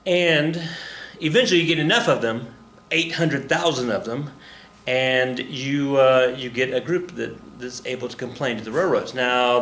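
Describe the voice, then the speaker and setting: A man's voice: mid-range voice, creaky, a bit bright, reverberant, slight background noise. A man teaching a casual recorded history lesson, rambling and jokey, muttering to himself and acting out the people he quotes.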